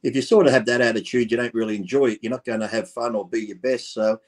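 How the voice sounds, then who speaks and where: A man's voice: medium pitch, steady tone, fast. A man talking as a podcast guest in a middle-of-the-road voice, plain-spoken and blunt. He drops swear words freely and acts out the people in his stories with quoted lines, in a loose conversational tone. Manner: blunt, swears, tells anecdotes with quoted dialogue. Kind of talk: casual interview storytelling.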